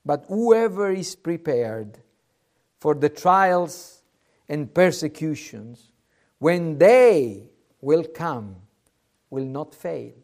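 Slow, emphatic high-voiced male preacher. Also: sing-song, a little mellow. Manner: slow, emphatic preaching with rising and falling force, some hesitations. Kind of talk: sermon.

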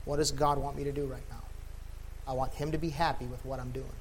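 A tired man preaching a sermon, reading scripture and swinging from loud emphatic peaks to low quiet stretches. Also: flat delivery, fast talker, a little hiss or hum. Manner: sweaty and laughing at himself between scripture readings. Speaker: pastor.

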